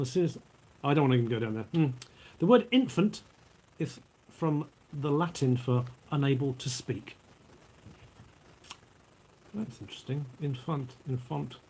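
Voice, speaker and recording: A man reads trivia aloud in a relaxed, rambling vlog chat. His voice is husky, and he keeps drifting into asides while snacking and sipping a drink. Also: a little high, rough recording. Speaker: vlogger. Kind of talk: casual vlog reading trivia.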